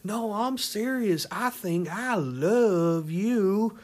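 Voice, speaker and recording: A man's voice: mid-range voice, lively intonation, normal speed, close to an everyday voice. A man putting on a drunk, accented young woman. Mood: drunkenly smitten.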